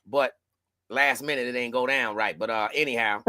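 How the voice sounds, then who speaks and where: A man's voice: mid-range voice, moderate pace, pushed and bright, dry recording, studio quality. A middle-aged man hosting a podcast in laid-back slangy chat, often repeating words as he goes. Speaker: podcast host. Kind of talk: casual chat.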